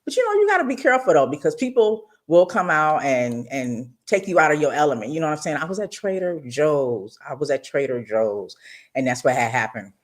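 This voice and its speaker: Animated lower-voiced woman radio host. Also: fairly quick. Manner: animated, expressive storyteller with frequent asides to listeners. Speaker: radio talk show host. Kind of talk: casual storytelling talk.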